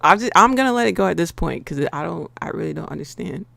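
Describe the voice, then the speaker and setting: Gravelly-voiced American woman streamer. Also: lowish voice, animated, quick pace, fairly bright tone. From United States. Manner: playful, chatty, often laughing, talks straight to the chat. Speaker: live-stream trading host. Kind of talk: casual live-stream chat.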